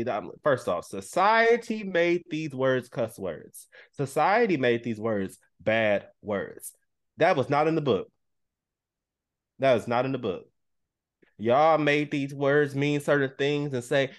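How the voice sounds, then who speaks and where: Guy just chatting on a podcast, gets animated and does little voices, average pitch. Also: measured pace. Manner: animated, acts out quotes in a high voice. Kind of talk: casual chat.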